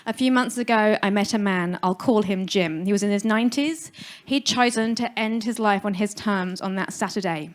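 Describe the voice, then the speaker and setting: A woman's voice: mid-range voice, moderate pace. Brief: woman, funeral celebrant, speaking frankly and with humor at a live talk on stage. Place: live music venue stage.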